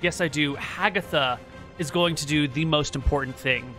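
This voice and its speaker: A man's voice: on the high side, normal speed, sharp tone, soft background music. A man playing a tabletop game, playfully narrating what his characters do. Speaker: player.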